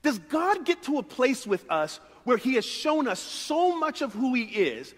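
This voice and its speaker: High-voiced pastor preaching in an echoing hall. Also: male voice, a little slow. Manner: conversational, animated preaching with repeated words. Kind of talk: sermon. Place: church sanctuary. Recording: reverberant church hall.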